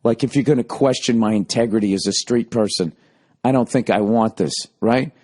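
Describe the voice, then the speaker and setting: A man's voice: fairly low pitch, fairly quick, darkish tone, husky. A man telling a rambling, profane comic story in a casual monologue. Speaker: podcast host.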